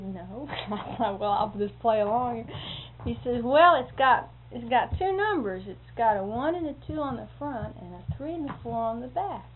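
A woman with a slightly high voice tells rambling stories in a casual way. She chuckles often and acts out the lines of the people in her stories. The sound is narrow and phone-like, with a faint hiss underneath. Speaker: storyteller. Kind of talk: casual anecdotal storytelling.

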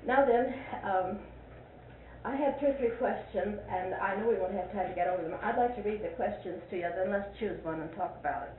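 An older woman runs a Sunday school Bible class in a church classroom, folksy and full of questions, repeating points for emphasis. Her mid-range voice moves briskly and is recorded from a distance. Echo, tinny lo-fi quality, and a faint hiss mark the recording.

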